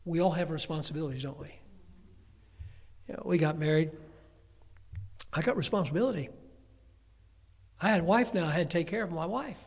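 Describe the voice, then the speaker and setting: In a hall with long reverb, an elderly preacher shares family stories, livening them with humorous asides. He talks fairly quickly in a gravelly, slightly high voice, leaving long pauses.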